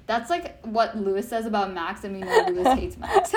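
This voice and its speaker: High-voiced giggly young woman co-host. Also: unhurried, over a noisy crowd. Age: young adult. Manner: giggly, animated storytelling with put-on quotes. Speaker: podcast co-host. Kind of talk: casual chat.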